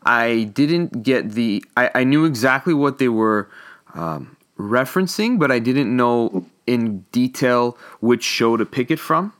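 A man with a smooth, resonant voice chats casually on a podcast over a remote call. He rambles, restarts his sentences and drifts between thoughts. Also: medium pitch, a little slow. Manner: rambling, many restarts, relaxed. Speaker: podcast co-host. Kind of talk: casual chat.

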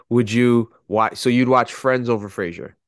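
A man's voice: mid-range voice, steady tone, measured pace, clean tone, no room sound, clean studio sound. A man co-hosting a podcast in casual chat, easygoing, asking probing questions and laughing often. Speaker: podcast co-host.

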